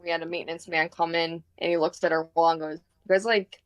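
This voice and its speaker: A woman's voice: deep voice, monotone, fast talker, clean tone. A woman guest on a video call, chatting casually and laughing often. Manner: giggly, chatty. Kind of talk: casual chat.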